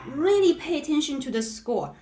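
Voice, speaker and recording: A woman's voice: high-pitched, very animated, moderate pace, a crowd in the background. Patient woman piano teacher, echoey room. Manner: patient explaining, tags nearly every phrase with "right?". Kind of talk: live online piano lesson.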